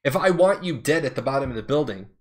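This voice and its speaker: A man's voice: mid-range voice, expressive, quick pace. A middle-aged man, a former Air Force officer, telling stories in a blunt, profane, rambling way. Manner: blunt, profane, digresses mid-story. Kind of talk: casual storytelling chat.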